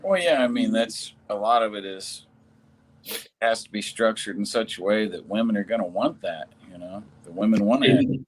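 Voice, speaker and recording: A man's voice: on the low side, moderate pace, rough recording. A man co-hosting a casual podcast, dropping in brief wry remarks and questions. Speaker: podcast co-host.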